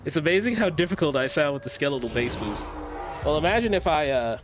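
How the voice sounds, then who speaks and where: A man's voice: a little high, expressive, quick pace, music in the background. A young man streaming a game, chatting casually, joking, swearing and laughing often. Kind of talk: casual livestream chat.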